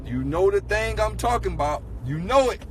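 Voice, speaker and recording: A man's voice: high voice, expressive, normal speed, slight background noise. Emphatic man ranting, rhetorical questions. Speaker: vlogger. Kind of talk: casual rant monologue.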